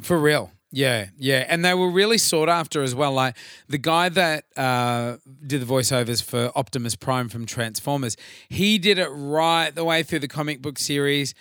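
An Australian man talks in a loose, matey way, swearing freely and getting animated. His voice sits mid-range and sounds close and dry, with no room around it. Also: medium pitch, normal speed, clear, resonant tone, dry recording. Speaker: podcast co-host. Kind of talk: casual chat.

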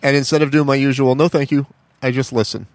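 A man's voice: medium pitch, flat delivery, quick pace, dry recording. A man co-hosting a podcast, casually telling a story and acting out both sides of a phone call. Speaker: podcast co-host.

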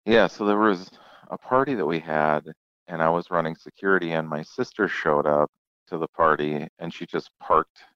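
A man's voice: sits low, moderate pace, fairly bright tone, dry recording, dull audio. A young adult man, a comedian guest, telling stories in a casual, laid-back chat and acting out the people in them. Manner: laid-back storyteller, acts out quoted voices.

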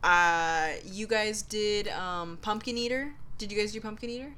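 A woman's voice: mid-range voice, normal speed, bright, forceful tone, a little hiss or hum. Easygoing female podcast co-host. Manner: easygoing and chatty. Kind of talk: casual podcast chat.

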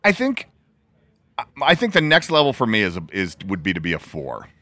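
A man's voice: fairly low pitch, huge pitch swings, fairly quick, sharp tone, dry recording. A man hosting a podcast interview, chatting casually and joking with his guest. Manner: joking, playful banter. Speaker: podcast host.

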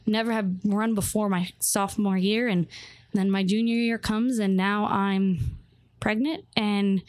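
A woman's voice: mid-range voice, no room sound. A young adult woman telling her life story as a guest, rambling with many fillers and restarts. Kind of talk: personal testimony interview.

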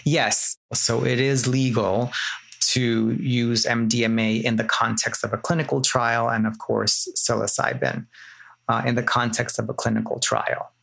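A man in a casual podcast talk who explains matters plainly. His voice has a gravelly, fry-edged texture. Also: mid-range voice, level tone, a little slow, fairly bright tone. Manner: explanatory, self-correcting. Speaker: clinical trial participant.

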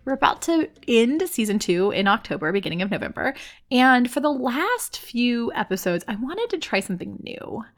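A woman's voice: a little high, moderate pace. Chatty woman podcast host. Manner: self-described loud, chatty and expressive. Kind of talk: solo podcast monologue.

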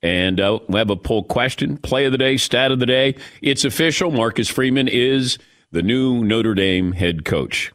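A middle-aged man hosting a sports radio show in casual chat, animated and laughing often. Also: medium pitch, moderate pace.

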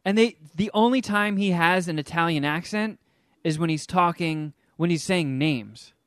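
A man co-hosting a casual podcast, telling a film's story with animated energy and now and then hamming up silly voices. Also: fairly high pitch, moderate pace, dry recording, studio quality. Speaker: podcast co-host reviewing a film. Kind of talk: casual chat.

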